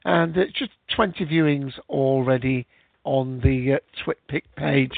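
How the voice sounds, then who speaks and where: A man's voice: medium pitch, a little slow, vocal fry, no room sound. A man hosting a casual live show, chatting in a rambling way with many fillers. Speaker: podcast host. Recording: tinny, phone-like, dry sound.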